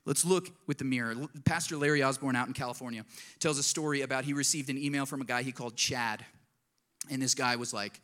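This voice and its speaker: A man's voice: medium pitch, fairly even intonation, fast talker, a bit bright. A man preaching a sermon to his congregation, earnest and conversational, often asking them direct questions. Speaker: pastor.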